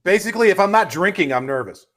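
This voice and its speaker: A man co-hosting a casual comedy podcast, telling a sweary, animated story. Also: high voice, fast, crowd noise. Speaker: co-host.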